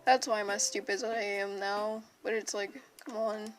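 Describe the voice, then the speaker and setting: A woman's voice: medium pitch, level tone, moderate pace, slight background noise. A young woman telling an unscripted personal story in a rambling, self-interrupting way, with casual slang. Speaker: storytime vlogger. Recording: music playing behind.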